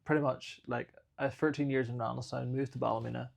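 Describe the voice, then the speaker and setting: A man's voice: mid-range voice, steady tone, quick pace, gravelly. A man in his thirties with a Northern Irish accent, a fighter chatting casually as a podcast guest, who admits he sometimes mumbles. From Northern Ireland. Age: 30s. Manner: self-described lazy talker who mumbles at times. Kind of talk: casual interview chat.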